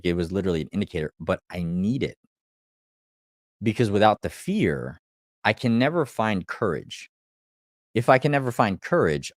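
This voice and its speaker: A man's voice: low-pitched, dry recording, clean studio sound. A man, a life coach, giving a live motivational talk to viewers, blunt and profane, driving points home with repeated phrases. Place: live stream.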